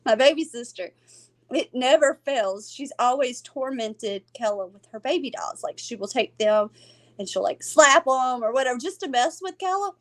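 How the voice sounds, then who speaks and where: Animated high-voiced woman storyteller. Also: normal speed. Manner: animated, acts out quoted voices, laughs often. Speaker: podcast co-host. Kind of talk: casual storytelling chat.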